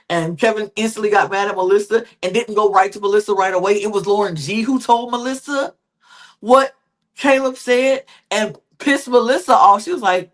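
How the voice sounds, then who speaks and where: A young woman with a voice of middling pitch for a woman. She tells stories with plenty of emphasis and expression, in the loose, casual way of a podcast co-host recapping a reality show. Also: normal speed.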